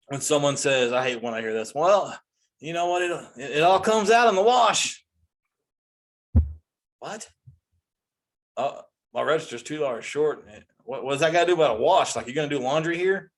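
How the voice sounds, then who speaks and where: A forty-three-year-old male comedian ranting in an exasperated, incredulous way about common sayings. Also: on the high side. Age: 40s. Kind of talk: comedic rant.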